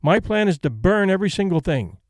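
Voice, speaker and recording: A man voicing a brisk, stoic old woman who speaks in a crisp, decisive, matter-of-fact way. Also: sits high, very animated, no room sound, studio quality, voice pushed up. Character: older woman, brisk, stoic, practical invalid.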